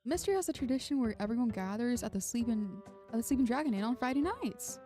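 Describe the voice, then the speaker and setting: A woman's voice: fairly high pitch, expressive, quick pace, mellow, soft background music, pitched above the performer's own voice, natural voice. A woman voicing a friendly young woman's invitation, read aloud from game dialogue with a folksy Southern US accent. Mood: inviting. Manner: folksy, inviting, a bit uneven drawl.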